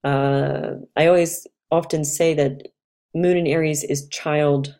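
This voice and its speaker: A woman's voice: sits low, steady tone, unhurried, dark tone. A woman astrologer giving a casual, chatty talk, reflective and loose, with fillers and restarts.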